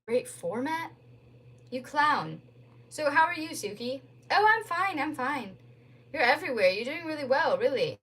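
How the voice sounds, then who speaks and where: Bitter, blunt young woman on the phone, read by a woman with a high voice, cutting and scornful. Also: big pitch swings, unhurried, sharp tone, heavily acted. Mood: breezy.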